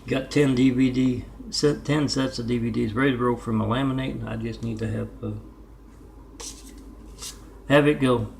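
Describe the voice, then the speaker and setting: Man, mid-pitched, gravelly, rambling vlog talk, self-promoting, spells out addresses. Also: steady tone, normal speed, pauses often, a little mellow, a little hiss or hum. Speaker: artist vlogger.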